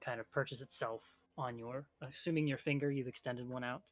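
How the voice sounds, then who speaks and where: A man's voice: mid-range voice, steady tone, a little fast, no echo, faint music behind. A man from the Midwest, running a tabletop game as game master, teasing his players, swearing freely and laughing often.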